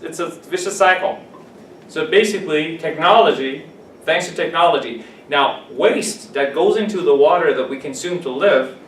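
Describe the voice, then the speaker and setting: Guy teaching english vocab, repeats words back at the class, kinda higher voice, roomy classroom, mic far off. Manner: explains words, then repeats and checks them with the class. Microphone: camera at a distance. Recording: echoey classroom from far off with faint hiss.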